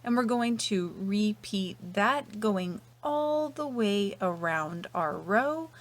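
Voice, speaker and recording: A woman narrating a step-by-step crochet tutorial in a patient, methodical way, often trailing off softly at the ends of lines. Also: medium pitch, lively intonation, takes it slowly. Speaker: crochet instructor.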